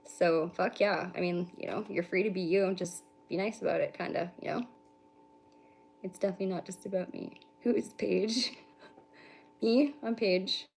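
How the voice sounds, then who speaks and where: A woman's voice: mid-range voice, fairly even intonation, moderate pace, gravelly, darkish tone, slight background noise. A young adult woman from Canada hosting a casual livestream, rambling to her viewers, swearing freely and laughing often. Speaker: livestream host and spiritual reader.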